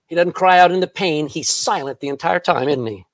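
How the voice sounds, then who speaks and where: A man's voice: fairly high pitch, brisk, no room sound. A man preaching a sermon in church, reading scripture aloud and laughing at his own jokes. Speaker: pastor.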